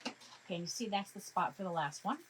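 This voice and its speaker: Over a noisy background, a woman with a lowish voice briskly hosts a live craft tutorial. She chats through each step and cracks jokes to her materials as she works.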